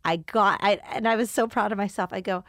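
A woman comedian hosting a podcast, telling stories in a lively casual way with lots of fillers and laughter. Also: medium pitch, fairly quick, no echo, clean studio sound. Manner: animated storyteller, laughs often, frequent fillers. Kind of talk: casual chat.

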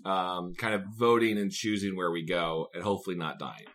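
Excitable nerdy man chatting. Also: deep voice, fairly quick. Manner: excitable, joking, nerdy tangents. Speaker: podcast co-host. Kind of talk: casual chat.

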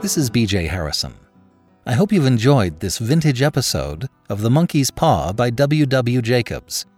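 A man hosting a classic literature podcast, giving a friendly, measured sign-off. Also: medium pitch, very animated, a little mellow, breathy edge, no room sound, soft background music. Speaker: podcast host. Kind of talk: scripted podcast outro.

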